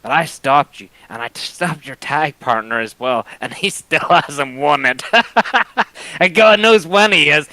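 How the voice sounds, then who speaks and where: Bright-voiced man trash-talking rivals. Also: fairly high pitch, dry recording, low-quality recording. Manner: taunting and mocking, swearing often. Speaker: wrestler cutting a promo. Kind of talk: trash-talking wrestling promo.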